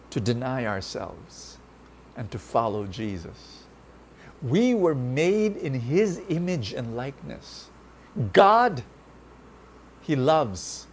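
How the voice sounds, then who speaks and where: A man's voice: a little high, a little mellow, a little hiss or hum. A man preaching a sermon, telling a parable and then praying, earnest and repeating key phrases for emphasis.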